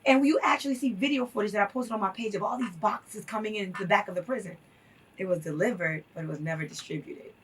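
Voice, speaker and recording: A woman's voice: medium pitch, fast, distant mic, a little hiss or hum. A woman guest in a casual interview, talking emphatically and telling stories with acted-out quotes.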